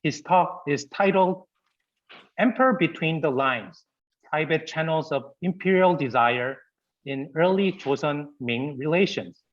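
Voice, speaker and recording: A man's voice: fairly high pitch, unhurried, lo-fi sound. A man, acting as moderator, introduces a speaker in a polite, formal way with frequent fillers. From Korea.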